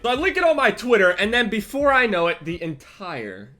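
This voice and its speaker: Young male YouTuber, high bright voice, animated and profane storytelling. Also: brisk, faint music behind. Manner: animated, profane, wildly swinging loudness. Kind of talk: storytelling vlog.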